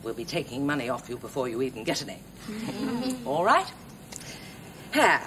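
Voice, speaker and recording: An actress playing a nursing tutor who lectures new students in a brisk, chatty way with small laughs. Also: female voice, a bass voice, very animated, noisy background. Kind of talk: scripted TV drama acting.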